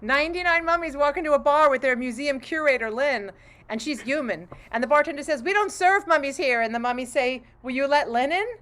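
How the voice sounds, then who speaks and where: Bright high-voiced woman telling jokes. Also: a little fast. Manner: animated, laughing between jokes. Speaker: improv performer. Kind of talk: improvised joke-telling.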